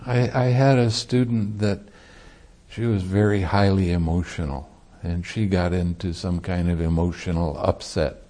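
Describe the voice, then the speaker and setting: A man's voice: deep voice, fairly even intonation, measured pace, warm tone. A man, a Buddhist monk and meditation teacher, giving a light-hearted dharma talk and laughing easily as he teaches.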